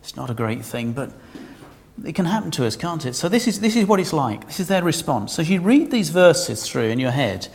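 Preacher with a slightly higher voice. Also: male voice, very animated, a little fast, gravelly. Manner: conversational, humorous, asking the congregation questions. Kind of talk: sermon.

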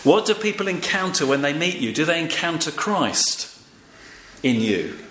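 This older man's sermon has a sing-song lilt, delivered at a moderate pace in a slightly high, slightly bright voice. He talks casually with fillers and keeps prompting the congregation to respond; the room is echoey with faint ambient sound.

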